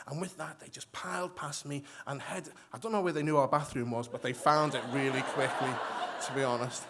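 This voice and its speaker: A man telling a story on stage to a live audience, animated, acting out voices and often restarting his sentences. He has moved to Australia from elsewhere. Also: fairly high pitch, brisk. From migrated to Australia. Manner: animated, acts out quoted voices, frequent restarts. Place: stage in a hall before an audience.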